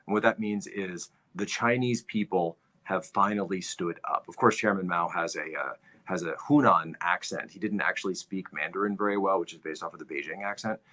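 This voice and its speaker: A man's voice: low voice, normal speed, hardly any pauses, sharp tone. A man hosting political commentary, lecturing on history and stressing points by repeating phrases.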